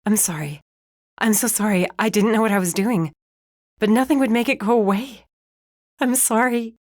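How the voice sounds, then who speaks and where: A woman's voice: mid-range voice, normal speed, a little mellow, no room sound, pitched above the performer's own voice, lightly acted. A woman voicing a frightened, guilt-ridden young woman mage, who speaks in shaky, pleading half-whispers in a very dry, close recording. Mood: distraught.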